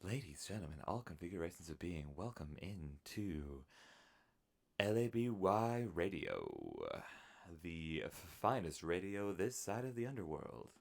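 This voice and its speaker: A smooth announcer from an underworld radio station greets the audience in a slow, lowered delivery, as a man puts it on. The voice stays low and unhurried. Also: very animated, darkish tone, heavily acted. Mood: announcing.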